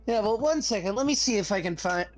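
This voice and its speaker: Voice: medium pitch, animated, fast, no echo, faint music behind. A co-streamer with a nasal voice, chatting wryly over voice chat and swearing casually. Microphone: voice-chat microphone.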